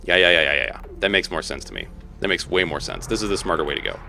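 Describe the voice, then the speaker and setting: A man's voice: low-pitched, big pitch swings, fast talker, creaky, sharp tone. A young man casually commenting on his own gameplay as a let's play host, thinking aloud and laughing often.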